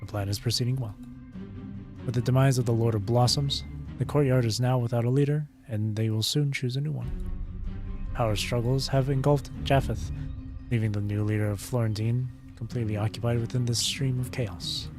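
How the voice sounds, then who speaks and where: A man voicing a loyal male conspirator giving a steady report to his master, reading game dialogue aloud on stream. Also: medium pitch, brisk, over music, lightly acted.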